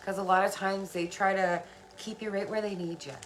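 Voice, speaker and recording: On a live stream, a spiritual self-help streamer chats casually, answering viewer comments in an earnest, encouraging way. Her medium-pitched voice is steady and fairly quick, and she laughs often and repeats phrases for emphasis. Soft music plays behind her, and the audio quality is poor.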